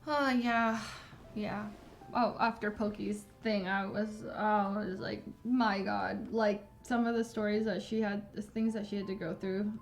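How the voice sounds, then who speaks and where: A woman's voice: mid-range voice, steady tone, a little slow, soft background music. A woman hosting a livestream, speaking sympathetically in casual chat and often trailing off. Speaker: streamer host.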